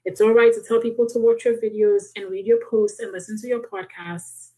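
A woman's voice: medium pitch, steady tone, fairly quick, poor audio. Emotional woman guest, heartfelt and a little shaky, restarting her sentences. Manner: earnest, with frequent restarts and soft laughs. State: emotional, near tears. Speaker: guest, author and business owner. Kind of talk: emotional podcast conversation.

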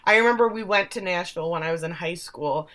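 A woman's voice: fairly low pitch, quick pace, a bit bright. A woman co-hosting a podcast who rambles through casual chat. She swears freely and loses her thread. She is from the American Midwest. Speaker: podcast co-host.

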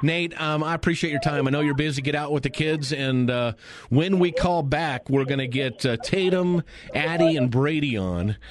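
A man's voice: a little high, normal speed, crowd noise. A man hosting a live radio sports show from a studio, chatty and folksy with lots of fillers.

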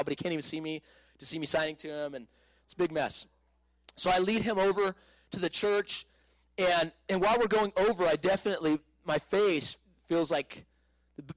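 A man telling a personal testimony in a casual storytelling way, animated, laughing often, with many fillers and restarts. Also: fairly high pitch, no echo, rough recording.

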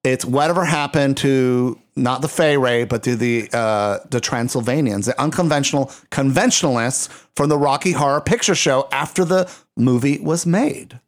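A man co-hosting a podcast in relaxed conversation with a guest. He talks in a chatty way, with quick asides and a mid-range pitch. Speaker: podcast host. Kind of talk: casual podcast chat.

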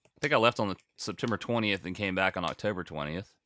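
Speaking low, fast, and with a bright, forceful tone, this American podcast co-host keeps things casual. His chat rambles, leans on self-mockery, and is full of fillers.

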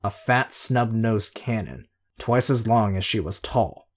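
A male narrator reads a first-person audiobook at a steady, measured pace. His voice sits a little low and stays even through the action. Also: slightly rough.

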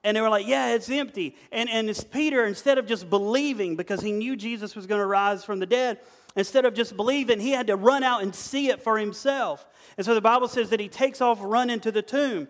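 High-voiced man preaching in a hall. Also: brisk. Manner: folksy, storytelling, acts out quoted voices. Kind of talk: sermon with funny stories. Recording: long hall reverb.

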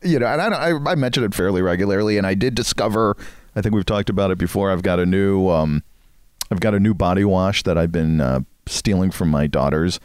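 A man's voice: low-pitched, brisk, a little mellow, clean tone, dry recording, studio quality. A man co-hosting a podcast, telling a story in a rambling, joking way with frequent chuckles. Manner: rambling storyteller, chuckles often, self-mocking. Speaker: podcast co-host. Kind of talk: casual chat.

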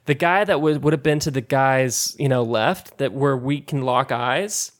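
A man's voice: mid-range voice, unhurried. A man on a podcast, chatting casually and telling a long story, laughing often and acting out what people said. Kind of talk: casual chat.

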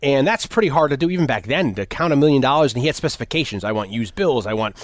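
A man in casual conversation, retelling film scenes in a rambling, animated way and acting out lines in a loud voice. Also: mid-range voice, fast, no room sound, clean studio sound. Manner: animated retelling, acts out movie lines loudly.

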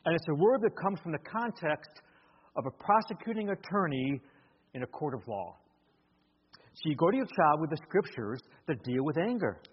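This preacher's husky voice is fairly high and sing-song, moving at an ordinary pace as he addresses his congregation. He imitates parents and children as he goes, captured in a muffled recording from a big, echoing hall.

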